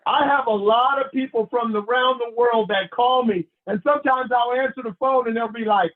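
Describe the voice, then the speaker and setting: High-voiced motivational man on a tinny line. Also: normal speed, few pauses. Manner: animated, preacherly, storytelling with call and response. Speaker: motivational speaker. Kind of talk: motivational talk. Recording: tinny phone-line sound.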